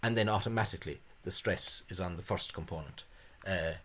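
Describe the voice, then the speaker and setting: Man, lowish voice, lecturing, halting with fillers, scornful asides. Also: sharp tone, a little hiss or hum. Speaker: language video host. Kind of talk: spoken lecture on spelling reform.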